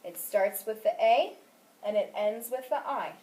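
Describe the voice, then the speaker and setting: A woman teaching a phonics lesson, patient and clear, stressing syllables carefully and encouraging her student. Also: medium pitch, measured pace, warm tone, recorded from a distance. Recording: echoey room, voice from off mic.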